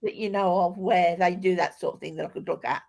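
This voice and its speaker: A woman's voice: lowish voice, fairly even intonation, fairly quick, vocal fry, darkish tone. A woman taking part in an online writing workshop, asking hesitant, self-deprecating questions over a video call. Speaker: workshop participant.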